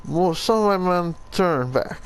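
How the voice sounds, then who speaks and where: A man's voice: high-pitched, lively intonation, a little slow, clear, resonant tone, voice pushed up. A man doing a hammy mock-Italian swordsman. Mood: melodramatic. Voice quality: clumsy mock Italian accent that drifts toward Russian. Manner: melodramatic, over-the-top reading. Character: grim Italian swordsman recounting a trap-filled tomb.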